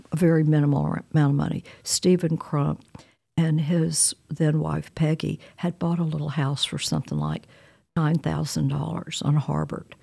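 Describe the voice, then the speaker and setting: A woman's voice: sits low, creaky, husky. A woman, telling a personal story in a candid, wry way. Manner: candid, wry, animated retelling with quoted dialogue.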